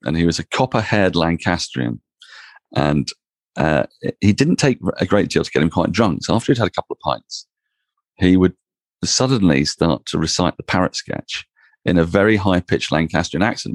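A man with an extremely low voice and a gravelly edge tells lively, self-deprecating stories as an interview guest. The recording is dry and close, with no room sound. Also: normal speed, no room sound. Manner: animated, self-mocking raconteur with frequent restarts. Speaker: cricket commentator, podcast guest. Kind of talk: anecdotal interview storytelling.

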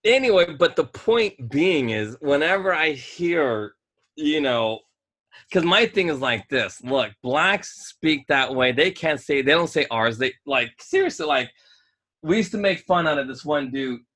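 Bright, emphatic man rambling on a podcast. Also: fairly high pitch, animated, unhurried. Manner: rambling and emphatic, stalls to hunt for words. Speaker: podcast co-host. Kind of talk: casual podcast chat.

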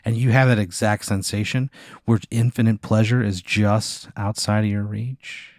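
A man narrating an improvised story as game master, with vivid, deadpan description. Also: fairly low pitch, normal speed, no room sound, studio quality.

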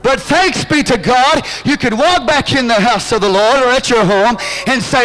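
Male pastor, very high, bright and forceful voice, impassioned sermon delivery with shouts. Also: poor audio. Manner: impassioned preaching with drawn-out phrases and sudden shouts.

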